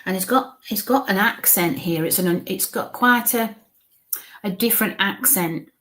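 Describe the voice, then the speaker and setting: Hushed, halting woman medium. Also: medium pitch. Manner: halting, coaxing, murmurs soft asides. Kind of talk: live spirit reading.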